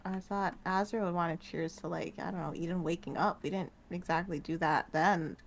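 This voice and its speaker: A woman's voice: on the low side, fairly even intonation, normal speed, creaky. A woman chatting as a player in an online tabletop game, in a playful, giggly way. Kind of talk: casual chat in a tabletop game.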